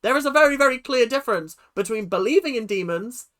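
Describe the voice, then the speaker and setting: Animated recap ranter. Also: medium pitch, fast talker. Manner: emphatic, exasperated, asks rhetorical questions. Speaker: reality TV recap vlogger. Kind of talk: ranting commentary to camera.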